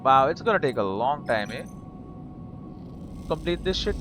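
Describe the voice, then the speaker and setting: A man's voice: medium pitch, expressive, moderate pace, pauses often, fairly bright tone, a little hiss or hum, poor audio. Man muttering through a game. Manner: casual, muttering, swears. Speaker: game streamer. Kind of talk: let's play commentary.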